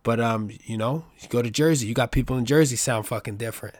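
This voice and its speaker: A man from the Bronx with a New York accent, hosting a casual solo podcast in a rambling, profane, animated way. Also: mid-range voice, quick pace, no room sound. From the Bronx, New York City. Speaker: podcast host.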